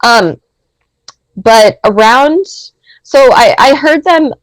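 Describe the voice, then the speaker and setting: A woman in her thirties, a podcast guest, telling a personal story in a rambling, animated way, with many filler words. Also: fairly high pitch, slow pace, no echo, low-quality recording. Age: 30s. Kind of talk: casual storytelling.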